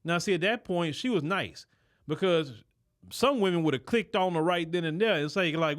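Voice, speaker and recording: A man's voice: fairly high pitch, lively intonation, normal speed. A man hosting a show and reacting to a story with blunt, opinionated commentary full of rhetorical questions. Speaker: show host giving commentary.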